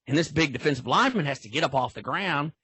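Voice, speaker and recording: An older man, speaking as a football official in a training talk. His husky voice rambles in a folksy way, with lots of restarts. The sound is close and dry. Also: on the high side, lively intonation, fast talker, bright, forceful tone, dry recording. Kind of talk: storytelling in an online training talk.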